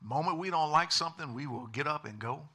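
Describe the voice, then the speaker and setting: Man preaching a sermon, emphatic, call-and-response, lively swooping voice, forceful. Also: fairly high pitch, fast talker. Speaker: pastor.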